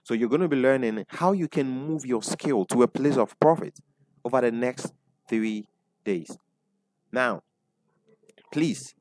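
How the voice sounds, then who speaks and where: Speaking in Ghanaian English, a business coach runs an online webinar, repeating his points, questioning the audience, and often tagging lines with "right?". His voice is medium-pitched and a little mellow, with no echo.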